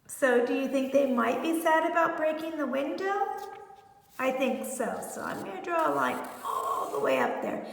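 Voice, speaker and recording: A woman's voice: high-pitched, big pitch swings, moderate pace, creaky. A woman teaching a phonics lesson to young children, stretching out sounds as she sounds out words. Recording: echoey room with long reverb.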